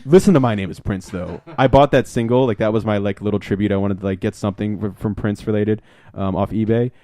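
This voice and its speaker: A man co-hosting a podcast, telling a rambling, excitable anecdote in casual chat and swearing now and then. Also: fairly low pitch, fast. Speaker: podcast co-host.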